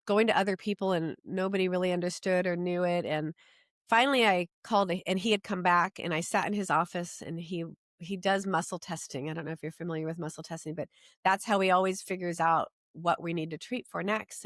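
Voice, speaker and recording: A woman's voice: mid-range voice, fairly bright tone, no room sound, studio quality. An older woman, a podcast guest, telling her story in an earnest way that tumbles along with many restarts. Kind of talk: personal storytelling in an interview.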